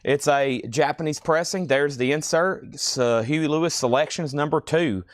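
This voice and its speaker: His voice sits fairly high and moves at a normal speed as he sells records on a live stream from a shop. In relaxed patter, he calls out album names, prices and buyers.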